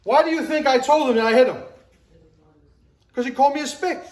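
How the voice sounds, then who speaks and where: This man in his forties delivers a motivational talk at a fairly quick pace, speaking emphatically and acting out little scenes with rising pitch and shouts. The recording is reverberant and low in quality.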